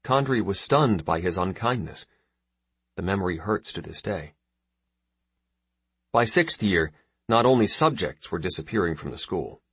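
Deep husky male audiobook narrator. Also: a bit bright, no room sound. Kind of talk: scripted narration.

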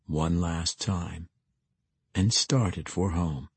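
A man narrating a fantasy novel in an expressive storytelling manner. His voice is low and husky with a lively pitch range. The recording is close and dry. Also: slow, dry recording. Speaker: audiobook narrator.

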